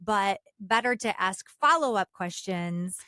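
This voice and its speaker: A woman's voice: medium pitch, animated, unhurried, sharp tone, smooth, no echo, studio quality. A woman in her forties hosting a podcast, encouraging her guest and asking questions. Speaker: podcast host. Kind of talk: casual podcast chat.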